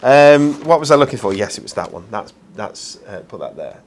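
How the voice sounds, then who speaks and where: A man's voice: medium pitch, sing-song, normal speed. Chatty man hosting craft TV. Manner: chatty, self-deprecating, filler-heavy. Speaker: craft TV show host. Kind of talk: live shopping-channel presenting.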